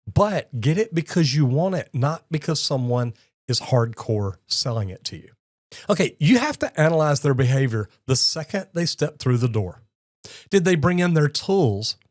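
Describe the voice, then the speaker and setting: A man's voice: medium pitch, darkish tone, no room sound, studio quality. A middle-aged man with a Texan accent, a plumbing educator telling stories and giving blunt, emphatic advice straight to camera. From Texas. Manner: blunt, emphatic, folksy storytelling. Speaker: plumbing educator, channel host. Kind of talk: direct-to-camera commentary with anecdotes.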